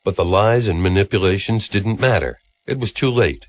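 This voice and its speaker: Low-voiced man narrating a documentary. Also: no room sound, muffled recording. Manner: measured, ironic, chronological.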